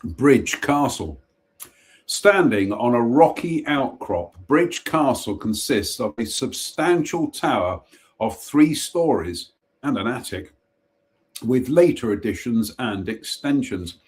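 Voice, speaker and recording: A man's voice: medium pitch, animated, takes it slowly. A man hosting a live stream, casually reading short ghost stories aloud with wry jokey asides, stumbling and restarting on names.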